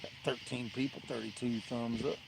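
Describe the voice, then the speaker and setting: A man's voice: medium pitch, fairly even intonation, normal speed. Laid-back man chatting outdoors at night. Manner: easygoing, laughs often, tells funny stories. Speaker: fishing livestream host. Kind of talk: casual live-stream chat. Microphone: camera on a tripod. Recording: outdoor night noise clearly audible.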